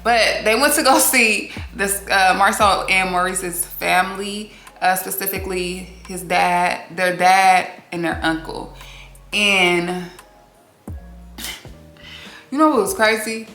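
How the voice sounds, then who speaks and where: A woman giving a casual, candid recap of a reality TV episode, expressive and quick to swear. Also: mid-range voice. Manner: candid, expressive, swears freely, acts out quotes. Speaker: TV recap host. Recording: roomy echo with faint music behind.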